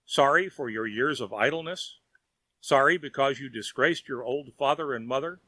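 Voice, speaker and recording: A man voicing a wise male fairy who scolds and teases gently, in a children's audiobook. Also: medium pitch, moderate pace, no room sound. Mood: stern. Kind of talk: audiobook character voice.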